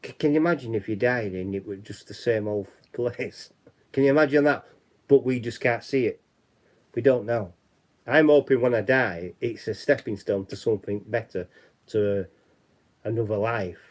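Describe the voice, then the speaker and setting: This man from West Yorkshire, England, has a lowish, slightly mellow voice and a Yorkshire accent. Hosting a livestream at normal speed, he chats casually, rambling and saying things more than once.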